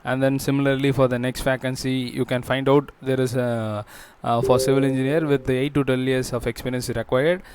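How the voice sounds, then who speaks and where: Halting man, smooth voice. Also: medium pitch, little pitch movement, a little mellow. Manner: halting, with frequent fillers and restarts. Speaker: job-listings channel host. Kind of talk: screen walkthrough narration.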